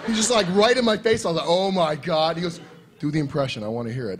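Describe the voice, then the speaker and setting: A man telling a convention anecdote on a panel in an animated, profane way, laughing as he goes. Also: a little high, fast, a crowd in the background, background noise. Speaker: comics writer on a convention panel. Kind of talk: casual storytelling on a panel.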